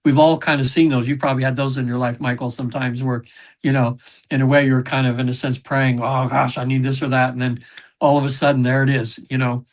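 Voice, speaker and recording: A man guest on a podcast, telling long rambling stories about his sessions, with many fillers, throat clearing and quoted voices. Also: medium pitch, flat delivery, fairly quick. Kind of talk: casual interview storytelling.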